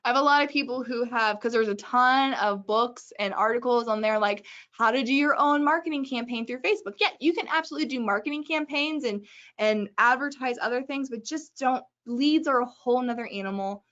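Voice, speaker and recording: Brief: woman webinar host, slightly high voice, chatty and joking, dull lo-fi stream sound. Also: a bit bright. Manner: chatty, joking, brisk advice. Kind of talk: casual webinar talk.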